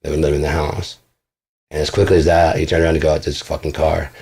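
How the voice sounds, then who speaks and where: A man with a deep, husky voice tells a rambling story to camera. He is blunt and profane, with a boastful edge. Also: little pitch movement, fast, darkish tone. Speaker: vlogger. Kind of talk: casual storytelling monologue.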